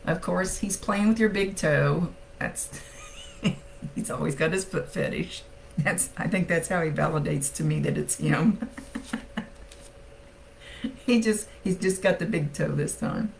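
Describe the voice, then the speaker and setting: Gravelly-voiced woman psychic medium. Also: fairly low pitch, measured pace, long pauses, a little hiss or hum, poor audio. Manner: chatty, laughs often, relays spirit messages. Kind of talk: casual spirit reading.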